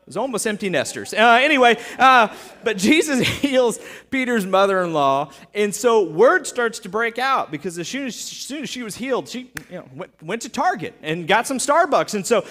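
A man's voice: high-pitched, very animated, normal speed, pushed and bright. A man giving a casual, joking sermon as pastor, acting out stories and quotes with many restarts.

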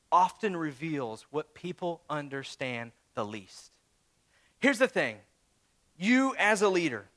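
A young man preaching a sermon as a pastor, animated and acting out quoted voices, swinging from calm talk to shouting. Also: sits high. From St. Louis area, USA.

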